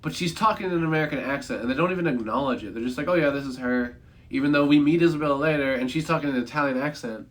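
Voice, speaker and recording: A man's voice: fairly high pitch, racing, hardly any pauses, a bit bright. Rambling young man reviewing a movie. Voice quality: rambling, self-correcting, offhand humor. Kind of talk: casual livestream review chat.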